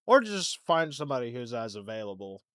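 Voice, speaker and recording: This young adult podcast host delivers a casual solo monologue, very animated and fairly quick, his mid-range voice a bit bright. He rambles and mocks himself, slipping into a mumble and then growing emphatic, all in clean studio sound with no room sound.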